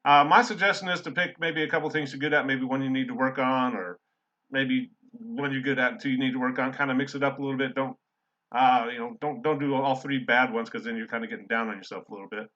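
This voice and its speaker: Middle-aged man, college instructor, casual rambling lecture, bright tone, slightly dull audio. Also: medium pitch, fairly even intonation, fast talker. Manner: casual, rambling, many fillers. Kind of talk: recorded class lecture.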